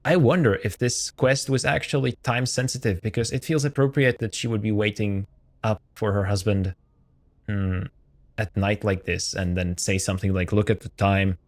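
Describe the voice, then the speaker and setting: A man's voice: on the low side, normal speed. Musing man commenting while gaming. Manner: musing aloud, jokey and self-correcting. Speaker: let's play host. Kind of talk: casual gameplay commentary.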